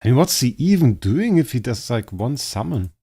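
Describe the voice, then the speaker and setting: A hoarse man streaming a game live, commentating and fretting over a rival player while talking to his chat. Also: mid-range voice, sing-song, moderate pace, mellow. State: hoarse, strained voice.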